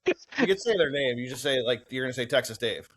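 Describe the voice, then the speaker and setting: A man's voice: mid-range voice, animated, fast talker, fairly bright tone. Wisecracking man hosting a sports podcast. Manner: wisecracking, steers the show back to betting. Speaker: host. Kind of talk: casual podcast chat.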